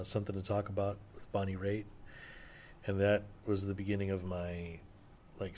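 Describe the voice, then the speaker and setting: A man's voice: low voice, slight background noise. A middle-aged man, a session drummer, telling stories casually in an interview, loose and enthusiastic with plenty of fillers and swearing.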